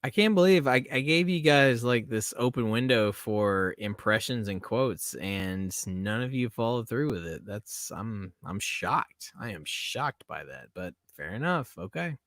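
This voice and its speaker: Bright-voiced man hosting a live stream. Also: on the low side, expressive, measured pace, hardly any pauses, no echo, studio quality. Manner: chatty, laughing, swears freely. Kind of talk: casual live-stream chat.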